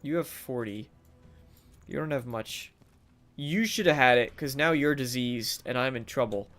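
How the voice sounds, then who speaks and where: A man's voice: mid-range voice, expressive, unhurried, a bit bright, faint music behind. Sarcastic male game streamer. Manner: sarcastic, talks to game characters. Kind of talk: live gameplay commentary.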